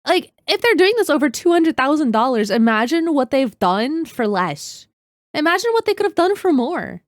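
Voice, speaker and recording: A woman's voice: sits high, big pitch swings, normal speed, dry recording, clean studio sound. A young woman streaming a reaction video, talking heatedly, swearing and greeting her chat by name. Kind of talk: casual live-stream reaction.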